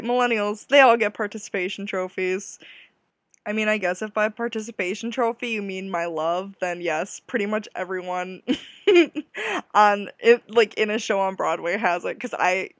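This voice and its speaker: A woman's voice: mid-range voice, lively intonation, a little slow, dry recording, studio quality. A young woman hosting a casual solo podcast, gushing and giggly with self-deprecating asides. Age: young adult. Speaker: podcast host.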